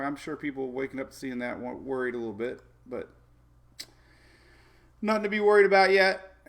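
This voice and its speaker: Male weather host, gravelly voice, mid pitch, loose rambling delivery. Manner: rambling, chatty, laughs often, many fillers. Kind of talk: casual live weather talk.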